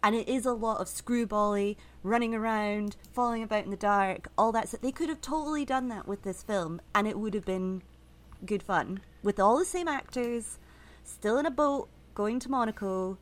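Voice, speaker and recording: A woman co-hosting a casual film review podcast, animated as she retells scenes and quotes. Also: mid-range voice, normal speed. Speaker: podcast co-host.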